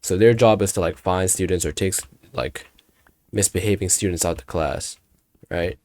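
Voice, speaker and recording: A man's voice: low voice, normal speed, darkish tone. A young man in his late teens, casually telling a story about his school day in a slangy, profane, rambling way. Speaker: student storyteller.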